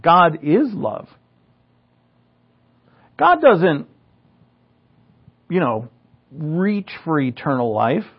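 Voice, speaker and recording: A man with a fairly high voice preaches a sermon in an easy, conversational manner. He keeps asking the congregation rhetorical questions and drops in wry asides. The recording sounds dull and lo-fi. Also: wildly swooping pitch, drawn-out words, long pauses, slightly rough. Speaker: pastor.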